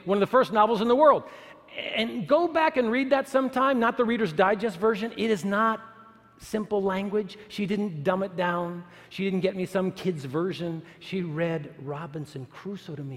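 A man with a high, ringing voice speaks in a sermon-like way. He asks the listeners rhetorical questions and repeats lines for emphasis. A long reverb trails his voice through the large hall. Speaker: speaker at a church or university gathering. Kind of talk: sermon-like talk.

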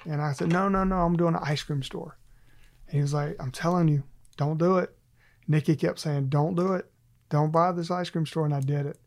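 Gravelly man telling stories with a laugh. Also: a little high, steady tone, fairly quick, darkish tone. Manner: self-deprecating, laughs often while telling stories. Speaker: guest. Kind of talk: casual faith conversation.

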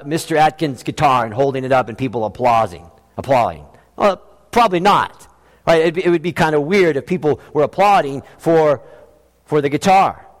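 A man preaching a sermon as a pastor, emphatic, slowing down to stress key phrases. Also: fairly high pitch, big-room sound.

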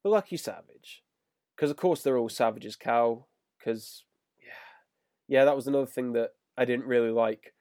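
Grumbling man, mellow voice. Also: mid-range voice, moderate pace, no echo, studio quality. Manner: grumbling, exasperated critique. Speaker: podcast co-host. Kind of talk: casual episode review chat.

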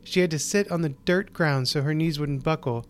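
Measured male short-story narrator. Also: fairly high pitch. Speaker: host and narrator.

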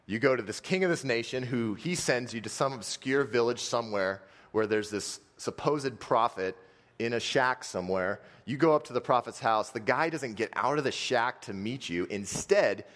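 A man preaching a sermon and retelling a story dramatically, swinging between fast, loud bursts and slow, hushed stretches. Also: medium pitch, long reverb tail.

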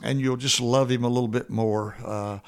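A man's voice: medium pitch, steady tone, clean tone. Earnest male preacher repeating scripture. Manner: earnest, repeats key verses slowly and with rising emphasis; frequent "uh" fillers and restarts, warm conversational delivery. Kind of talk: conversational Bible teaching.

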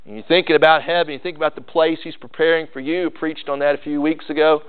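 A man's voice: a little high, steady tone, quick pace, clean tone. A male pastor preaching a sermon in a folksy, emphatic way, repeating key phrases. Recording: tinny phone-like sound.

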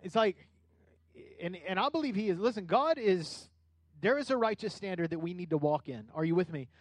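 Middle-aged male pastor, high-pitched, conversational sermon with animated peaks, dry recording. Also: a little fast, dry recording. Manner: conversational preaching with rising animated bursts.

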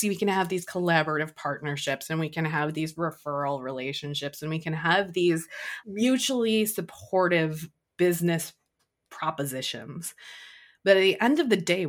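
Woman host, 30s, lower pitch; candid solo podcast talk, emotional and laughing. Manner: emotional, confessional, laughs often, gets choked up.

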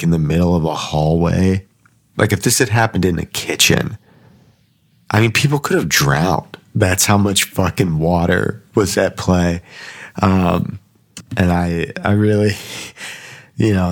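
A man telling a casual spoken anecdote, swearing freely and full of fillers, getting animated when he quotes others. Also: low-pitched. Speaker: storyteller recounting a workplace mishap.

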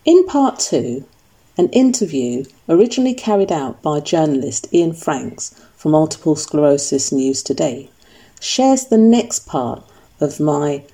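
A woman narrating her own story in a measured, reflective scripted voice-over. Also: low-pitched, sing-song, mellow. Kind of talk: scripted first-person narration.

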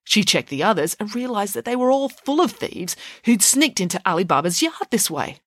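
A woman reads a bedtime story aloud with expressive, animated delivery, her voice rising and falling with the tale. The recording is dry and close, with no room sound. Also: mid-range voice, no room sound.

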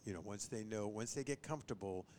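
A man who trains bird dogs, chatting on a podcast and giving tips, who often acts out owners and dogs in a higher voice. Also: quick pace, a little hiss or hum. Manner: animated, mimics owners and dogs in a high voice. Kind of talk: casual podcast chat.

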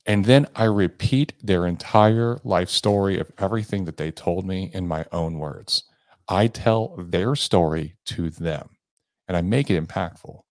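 A man's voice: sits low, darkish tone, dry recording, studio quality. A man hosting a sales coaching podcast, talking earnestly and with emphasis. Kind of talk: motivational podcast monologue.

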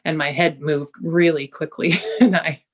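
Lively middle-aged woman telling a story. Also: sits low, unhurried. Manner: lively storyteller who acts out quoted speech. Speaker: guest healer. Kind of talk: casual interview storytelling.

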